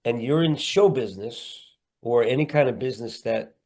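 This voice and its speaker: A middle-aged comedian and actor appears on a podcast via video call for a candid interview. His medium-pitched voice is animated with a darkish tone and moderate pace, and he talks in a rambling, earnest manner broken up by playful asides.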